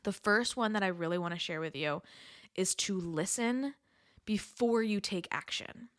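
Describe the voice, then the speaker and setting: A woman's voice: mid-range voice, measured pace, fairly bright tone, no echo, clean studio sound. A young adult woman hosting a solo podcast in a chatty, earnest way, laughing often and repeating words for emphasis. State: has the hiccups. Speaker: podcast host. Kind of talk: casual solo podcast talk.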